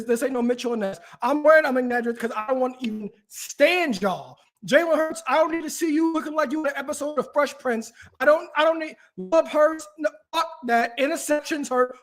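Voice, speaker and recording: A man hosting a casual talk show, ranting animatedly with frequent restarts. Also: extremely high pitch. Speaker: podcast host. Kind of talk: casual chat.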